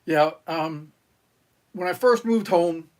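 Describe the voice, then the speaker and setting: A middle-aged man from New York, a retired Marine, talks as a guest on a podcast, and his voice sits a little high for a man. He tells long stories in a rambling way, full of fillers and restarts, and he acts out the lines of the people in them. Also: takes it slowly, darkish tone. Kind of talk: casual interview storytelling.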